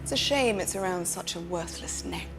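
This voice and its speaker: A woman's voice: lowish voice, animated, moderate pace, music in the background. An actress playing a cold, scheming royal woman in a television drama, speaking in a silkily threatening, mocking way. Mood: icy mockery. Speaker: TV drama character.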